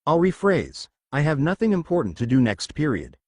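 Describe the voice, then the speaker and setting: A man's voice: on the high side, sing-song, moderate pace, a little mellow, breathy edge, dry recording. Sarcastic teen witch girl, dry and mocking, in a storybook, as a male reader voices her. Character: sarcastic teenage girl witch, daughter of a sea god.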